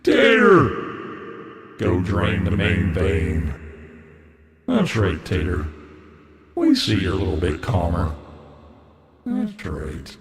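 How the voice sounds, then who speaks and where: A man voicing a slow, deep, mocking male taunter. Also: huge pitch swings, darkish tone, exaggerated voice. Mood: taunting. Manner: mocking, drawn-out. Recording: long reverb.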